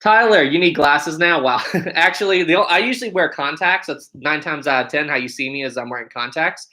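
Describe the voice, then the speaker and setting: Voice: medium pitch, a little fast, sharp tone. An upbeat American livestream host chatting casually and greeting viewers one by one while reading comments aloud on a home setup. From United States.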